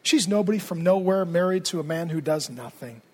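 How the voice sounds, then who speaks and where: High-voiced, animated male pastor. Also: a little fast, slightly rough. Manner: animated, humorous, conversational. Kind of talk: sermon.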